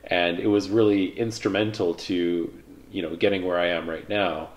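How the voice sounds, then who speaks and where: Relaxed low-voiced man telling stories. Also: normal speed. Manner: relaxed, rambling, with frequent fillers. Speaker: vlogger, pilot. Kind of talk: casual reflective storytelling.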